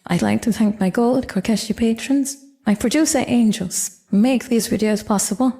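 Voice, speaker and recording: Woman, online language teacher, dark gravelly tone, patient explainer. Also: fairly high pitch. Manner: clear, measured explaining with examples. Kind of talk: explanatory lesson.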